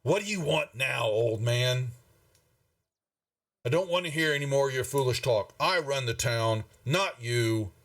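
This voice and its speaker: A man's voice: medium pitch, animated, unhurried, fairly bright tone, far from the mic. A man voicing a pompous, portly older male town master who blusters and brushes people off. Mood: blustering. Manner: blustering, dismissive.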